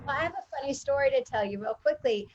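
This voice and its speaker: A woman with a high, bright pitch chats casually, telling a story and playing out the back-and-forth. There is a faint noise bed behind her voice. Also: fast talker, highs cut off. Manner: animated, acts out quoted dialogue.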